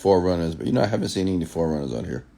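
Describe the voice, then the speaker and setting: With a low, gravelly, warm voice, an animated man hosts a late-night stream and reads viewer comments aloud before answering. He changes pace and tone intentionally, at times slowing to a news-anchor's measured delivery.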